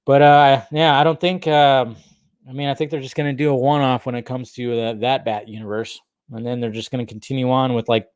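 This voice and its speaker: A man's voice: medium pitch, no echo, clean studio sound. A man hosting a casual livestream, reading chat questions aloud and answering in a rambling, profane way.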